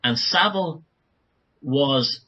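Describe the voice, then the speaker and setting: A man talking as a guest author on a podcast interview, speaking urgently in rapid bursts with many restarts. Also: mid-range voice, lively intonation, bright, forceful tone, dull audio.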